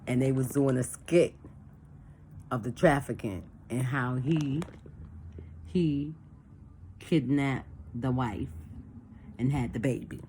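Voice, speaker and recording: A woman with an extremely low voice speaks slowly, leaving long pauses, over slight background noise. She's a church member leading a discussion in a casual, plain-spoken chat, repeating her points and animatedly acting out phone calls and dialogue as she explains.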